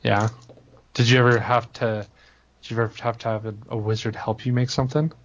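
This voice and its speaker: A man's voice: medium pitch, little pitch movement, a little fast, dull audio. A man playing his character in a tabletop game, asking eager, curious questions. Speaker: player.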